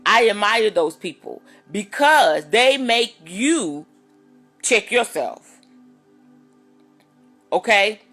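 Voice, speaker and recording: A woman minister talking straight to her viewers in a casual, animated, preachy vlog monologue. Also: medium pitch, drawn-out words, long pauses, soft background music.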